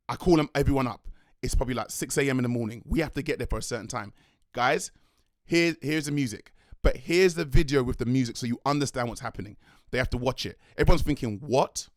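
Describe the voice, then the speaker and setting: Excitable young man telling a story. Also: mid-range voice, dry recording, studio quality. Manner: rambling, excitable, slangy, self-correcting. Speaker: dance crew leader and choreographer. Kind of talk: vlog storytelling.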